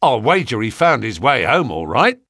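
Gruff common-spoken constable, a man reading him; husky, lively, dry studio. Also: medium pitch, moderate pace, no echo, exaggerated voice. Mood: aggrieved. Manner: dropped grammar, rough common speech. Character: gruff working-class London police constable, defensive. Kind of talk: audiobook character reading.

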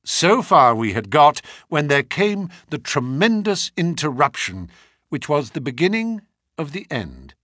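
Husky, bright-toned male narrator. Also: fairly high pitch, big pitch swings, unhurried, dry recording, clean studio sound. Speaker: audiobook narrator. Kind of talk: scripted narration with character voices.

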